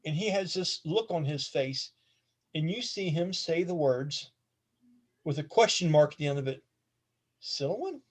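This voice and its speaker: A man with a fairly high voice runs a tabletop game, narrating scenes in a loose, rambling way. He talks casually and lets an occasional swear slip in. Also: moderate pace. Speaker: game master.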